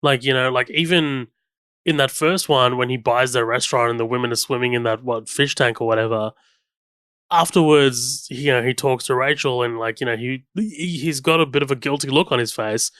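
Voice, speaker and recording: Smooth-voiced man gushing about a film. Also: mid-range voice, steady tone, moderate pace, fairly bright tone, no echo, clean studio sound. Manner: enthusiastic, recounts scenes and hums the score. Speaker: podcast co-host. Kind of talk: casual film commentary chat.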